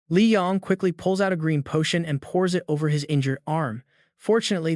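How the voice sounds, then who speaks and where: A man with a slightly high voice reads a comic story recap as scripted narration. He tells it in a dramatic, even-paced way. The recording is close and dry, with no room sound. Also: no room sound.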